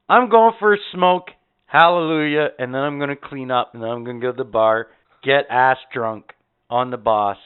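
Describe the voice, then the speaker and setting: A man hosting a podcast, telling an anecdote casually with lots of swearing and animated delivery. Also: medium pitch, clean tone. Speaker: podcast host. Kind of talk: casual storytelling. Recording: tinny phone-like sound.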